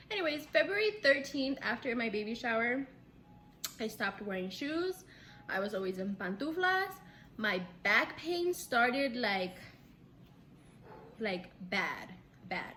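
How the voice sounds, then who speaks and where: A young woman vlogger telling a story in casual chat, animated, often laughing and acting out quotes. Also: a little slow, long pauses. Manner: animated, acts out quotes with big pitch jumps; laughs between lines, says "like" a lot. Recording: faint background noise.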